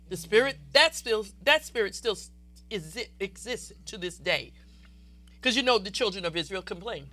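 A woman preacher delivering a fervent, exuberant sermon that swells into loud declarations. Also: mid-range voice, lively intonation, normal speed.

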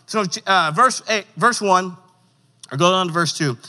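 A man with a high, bright voice preaches to a room of teenagers in a church hall, pressing them to answer out loud. He slows right down to lean into the scripture he reads. A long reverb trails behind every word. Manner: interactive, coaxing audience responses; reads scripture with slow emphasis. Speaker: youth pastor. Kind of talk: sermon.

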